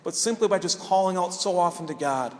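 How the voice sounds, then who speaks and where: A male priest with a fairly high voice gives an earnest sermon, mixing exhortation with a personal story. His voice carries a long reverb from a large church space. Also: fairly even intonation, fast.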